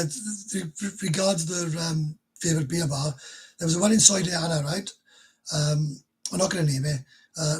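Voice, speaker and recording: A man's voice: a little high, husky, low-quality recording. A middle-aged man hosting a casual livestream, talking bluntly and chattily and swearing now and then. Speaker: livestream host.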